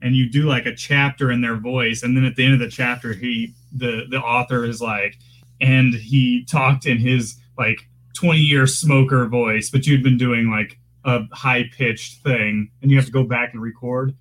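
A man's voice: mid-range voice, level tone, moderate pace, hardly any pauses, fairly bright tone, rough recording. A man co-hosting a casual interview, asking curious questions with a light teasing edge. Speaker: podcast co-host.

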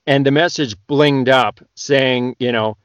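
A man from Canada, an audiobook narrator, chatting as a podcast guest in a lively storytelling way. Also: medium pitch, takes it slowly, clean tone. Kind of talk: casual podcast chat.

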